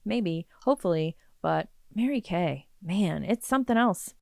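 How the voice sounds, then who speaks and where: A woman's voice: fairly low pitch, animated, unhurried, creaky, darkish tone, no room sound, studio quality. A woman hosting a reaction channel, giving blunt, critical commentary on a clip.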